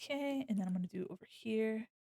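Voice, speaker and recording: A woman's voice: fairly high pitch, fast, vocal fry, mellow, dry recording, studio quality. A woman streaming while she draws, chatting casually with her viewers, playful and mock-offended, laughing often. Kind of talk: casual live-stream chat while drawing.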